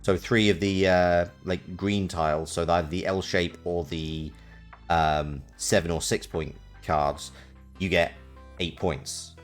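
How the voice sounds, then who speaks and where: A very deep-voiced host of an online board game session, talking casually and rambling, restarting sentences while walking through the rules. The voice comes through a home microphone on a video call. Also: fairly even intonation, slow, soft background music.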